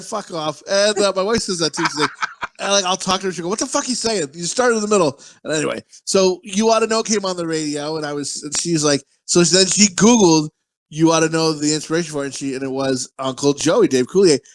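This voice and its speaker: A man co-hosting a movie podcast, telling long crude rambling stories in casual chat, full of swearing. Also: sits high. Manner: profane, rambling storyteller. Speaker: podcast co-host.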